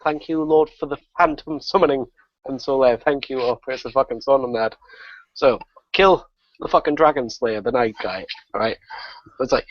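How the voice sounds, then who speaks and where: A man, a guest on a gaming podcast, telling a story in a profane, excitable way and laughing often. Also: fairly high pitch, moderate pace, no echo. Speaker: guest gamer. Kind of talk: casual podcast chat. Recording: dull lo-fi podcast audio.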